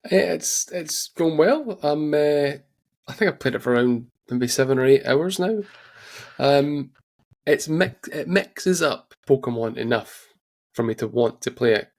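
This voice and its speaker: Laid-back man, mid-pitched, hesitant. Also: lively intonation, a little slow, a little mellow. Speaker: podcast co-host. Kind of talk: casual gaming podcast chat.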